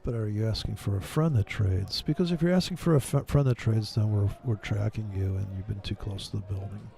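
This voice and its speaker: A man's voice: fairly low pitch, a little fast, vocal fry, warm tone. A man hosting a casual trading stream, rambling and mocking in a profane, joking way. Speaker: livestream trading host. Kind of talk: casual ranting chat with viewers.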